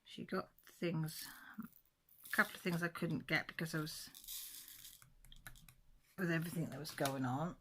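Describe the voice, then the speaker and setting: A woman's voice: low-pitched, unhurried, pauses often, a bit bright, a little hiss or hum. A woman in her forties chatting casually while she works on a craft project, rambling and correcting herself mid-sentence. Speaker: crafting channel host.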